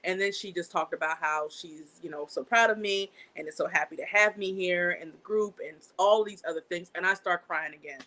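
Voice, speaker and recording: A young woman hosting her own channel, telling a story in a casual, animated way, swearing freely and jumping up in pitch when she gets outraged. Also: fairly quick, few pauses. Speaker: channel host. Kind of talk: casual live-stream storytelling.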